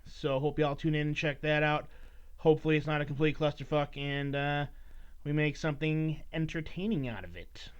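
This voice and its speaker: A man with a fairly high, clean voice hosts a casual solo podcast at a moderate pace, rambling, swearing, and mock-scolding his listeners. The recording sounds dull and lo-fi.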